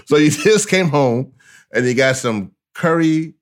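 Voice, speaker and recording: A man's voice: fairly high pitch, lively intonation, unhurried. A man hosting a casual interview podcast, playful and teasing with his guest. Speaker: podcast host.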